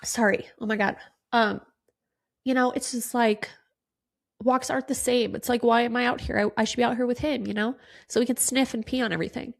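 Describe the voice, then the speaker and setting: Woman, 30s, podcast host, candid and sweary, gravelly tone, tearful and sniffly. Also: a little high, steady tone, brisk. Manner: candid, swears freely, lots of "like". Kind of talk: casual solo podcast talk.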